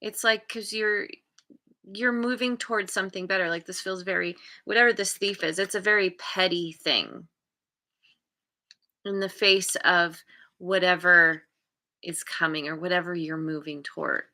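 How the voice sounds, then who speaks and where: A woman's voice: on the low side, moderate pace, bright, forceful tone. A woman giving a live tarot reading and thinking aloud, meandering and often restarting as she searches for words. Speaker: tarot card reader.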